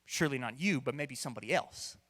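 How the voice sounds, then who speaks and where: A man's voice: medium pitch, fast, fairly bright tone, long reverb tail. A man preaching a sermon as pastor, conversational and playful, now and then acting out voices. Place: church hall.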